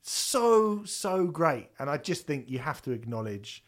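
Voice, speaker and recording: Guy on a podcast, sweary and animated, slightly high voice. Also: a little slow. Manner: animated, swearing, breaks into sung impressions. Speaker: podcast co-host. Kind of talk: casual chat.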